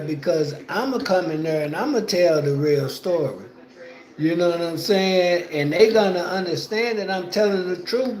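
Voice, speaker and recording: A man talks casually on a livestream from home, rambling and repeating himself with plenty of slang. His voice sits high for a man and he takes his time with each phrase. The sound bounces around an echoey room. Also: darkish tone. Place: at home indoors.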